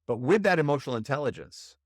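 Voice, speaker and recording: A man hosting a solo podcast as a relationship coach, telling a story and jumping high in pitch to act out inner voices. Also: big pitch swings, fast, no room sound, clean studio sound.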